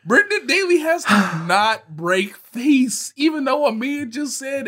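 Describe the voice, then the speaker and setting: A man co-hosting a casual sports podcast, telling stories in an animated, laughing way. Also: very high voice, slow, few pauses. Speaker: podcast co-host.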